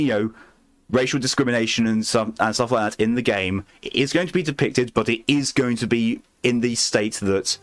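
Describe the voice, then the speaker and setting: A man streaming a game late at night, chatting calmly with his chat and answering messages in a soothing tone. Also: medium pitch, brisk, dry recording, faint music behind. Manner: calm, soothing voice meant to lull viewers to sleep.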